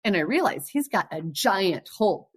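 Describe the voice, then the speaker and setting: A woman appearing as a guest on a podcast, telling a story in casual chat, and her voice jumps up high when she retells what happened. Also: sing-song, normal speed, slightly rough. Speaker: podcast guest, host's twin sister.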